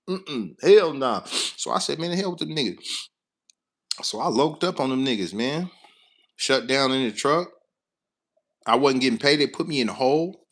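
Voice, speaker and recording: A man, a truck driver telling a rambling, profane story in casual talk. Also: on the high side. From Chicago, West Side. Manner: animated, cursing, laughing, rambling.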